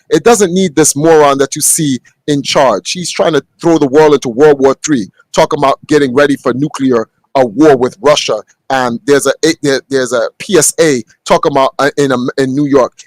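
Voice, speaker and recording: A man's voice: a little high, dry recording, poor audio. Young man ranting on a podcast, dry sound. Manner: blunt, profane, rising to heated outbursts. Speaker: podcast host. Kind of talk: casual ranting monologue. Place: home room.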